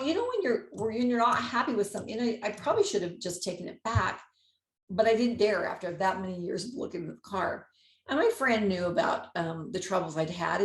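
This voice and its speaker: A woman hosts a podcast and tells a story in a lively, expressive way, acting out each exchange and laughing now and then. Her voice sits at a middling pitch. The room gives the recording a noticeable echo. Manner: animated storyteller, acts out dialogue, laughs often. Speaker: podcast host. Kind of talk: storytelling monologue. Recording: roomy echo.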